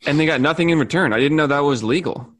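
Fast-talking man in sports chat. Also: on the high side, a bit bright.

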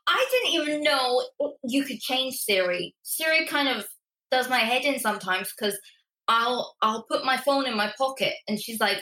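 A woman's voice: sits high, expressive, moderate pace, bright, forceful tone, roomy sound, rough recording. An Australian woman, a guest in a casual remote interview, chatty and self-deprecating.

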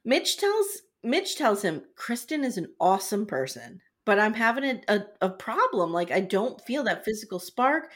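Lively woman recapping a reality show. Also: mid-range voice, moderate pace, few pauses. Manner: animated storytelling, quoting people in voices, self-deprecating jokes. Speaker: podcast co-host. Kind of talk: casual recap chat.

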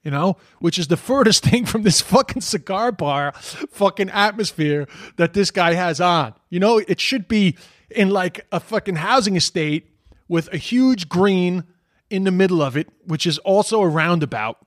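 A man with a Dublin accent spins a loose, swearing story, chuckling at his own jokes. His voice sits a touch high for a man, and the sound is dry and close. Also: animated, normal speed, dry recording. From Ireland. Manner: rambling, swearing, self-amused. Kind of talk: casual storytelling monologue.

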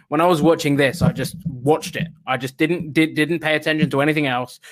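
A man co-hosting a wrestling podcast, talking in a relaxed, conversational way. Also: on the high side, a little fast, no echo. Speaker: podcast co-host. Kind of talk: casual wrestling chat.

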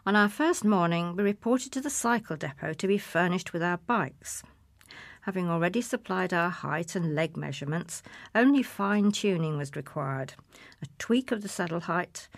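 A woman's voice: on the low side, no room sound. A woman reading a humorous personal essay aloud in a wry, self-mocking manner. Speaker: essay reader.

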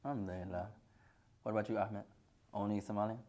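A man's voice: lowish voice, fairly even intonation, fast talker, dark tone. A middle-aged man teaching a hadith class, joking and teasing his students and mixing Arabic phrases into his English.

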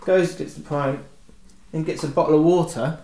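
This podcast co-host, a man with a fairly high voice speaking at normal speed, rambles through a long story in casual chat. He narrates with animation and acts out the shouting. The recording has room echo and a faint noise.

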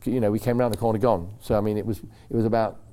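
A man telling rambling, animated racing stories in a casual chat, acting out what others said. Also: on the low side, fast talker. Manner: rambling, animated storytelling with acted-out quotes. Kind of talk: casual anecdote.

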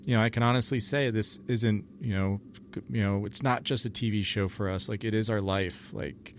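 A man's voice: on the low side, steady tone, normal speed, slight background noise. A man, a paranormal TV investigator, telling stories in a rambling casual chat full of "like" and "you know".

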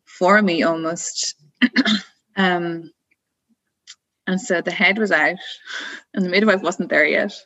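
A woman in her thirties, guesting on a casual storytelling interview, relaxes into telling her birth story, her voice a touch low for a woman. She's chatty and slow, pausing often, peppering things with "like" and "you know" and laughing freely. The highs in the audio are cut off.

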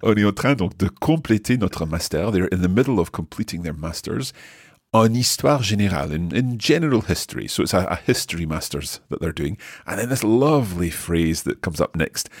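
A man co-hosting a casual language lesson podcast, explaining phrases slowly and repeating them. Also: deep voice, lively intonation, husky, dry recording, clean studio sound. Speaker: language teacher co-host.

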